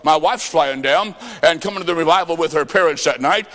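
A man preaching a revival sermon, telling a story and then calling people to prayer, with dramatic swings from quiet lines to shouting. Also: a little high, a little fast. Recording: long hall reverb.

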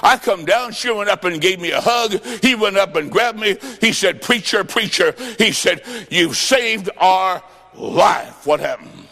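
A male preacher delivers a sermon with a high, gravelly voice, telling stories and voicing both sides of a conversation. He jokes and punches key words, swinging from loud to soft. His voice rings with a long reverb through a large church hall. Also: expressive, measured pace. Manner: jokey, emphatic, swings between loud and soft.

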